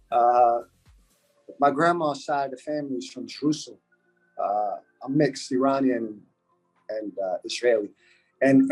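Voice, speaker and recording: A man's voice: medium pitch, darkish tone, slightly rough, poor audio. A man from the United States, a podcast guest talking in a casual interview, earnest and repeating his points for emphasis.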